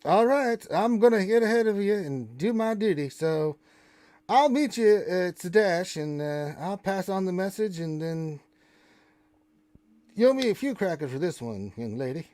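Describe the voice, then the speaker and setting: In this tabletop role-play, a man plays a crass, joke-cracking male raven that orders the party about and pleads for crackers. The voice sits high and warm, very animated at a normal speed, sounding sassy, brash, cheeky and bossy.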